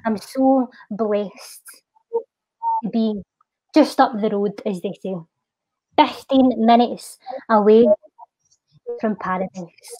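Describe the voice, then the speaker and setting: A woman's voice: a little high, no echo, low-quality recording. Scottish woman reciting a spoken-word poem. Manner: slow, measured recitation with soft fillers. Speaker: charity guest and spoken-word poet.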